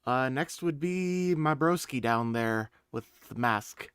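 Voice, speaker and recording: A man introducing a tabletop role-play session as game master, joking and loose, with quick asides. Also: medium pitch, lively intonation, a bit bright, clear, resonant tone, no echo, clean studio sound. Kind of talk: casual game intro chat.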